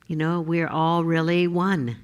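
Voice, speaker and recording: Low-pitched woman minister, playful and giggly sermon delivery. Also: measured pace. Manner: giggly, joke-telling, animated. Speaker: minister giving the Sunday message.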